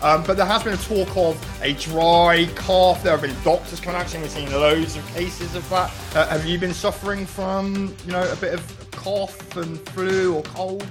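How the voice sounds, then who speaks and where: A man hosting a radio segment, talking quickly and conversationally. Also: high-pitched, fairly even intonation, music in the background. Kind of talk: casual radio chat.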